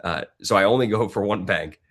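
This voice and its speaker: A man in his forties, a podcast guest, telling a personal story in a casual, animated way and acting out other people's lines. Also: lowish voice, fairly quick. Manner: animated, acts out the voices of people in his stories.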